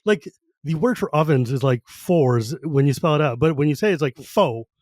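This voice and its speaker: Man, podcast host, casual chat, fairly high pitch, dry studio sound. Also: expressive, normal speed, a little mellow, dry recording. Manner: chatty, laughing storyteller.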